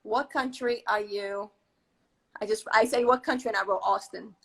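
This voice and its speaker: A woman's voice: mid-range voice, fairly even intonation, moderate pace, vocal fry, fairly bright tone, breathy edge, poor audio. A woman hosting a live video-call baking stream, chatting effusively and reading out where viewers are. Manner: effusive, reads out viewer comments. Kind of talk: casual live-stream chat.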